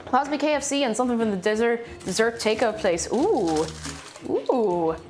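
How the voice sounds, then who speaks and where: A woman's voice: fairly high pitch, fast, soft background music. An Irish woman chatting casually on a cooking livestream in her home kitchen, reading out chat messages in a chatty, playful way. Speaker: streamer.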